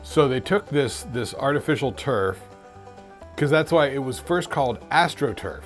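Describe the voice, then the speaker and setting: A man's voice: mid-range voice, expressive, moderate pace, soft background music. A man co-hosting a podcast, chatting casually and explaining things at length. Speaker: podcast co-host. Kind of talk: casual banter.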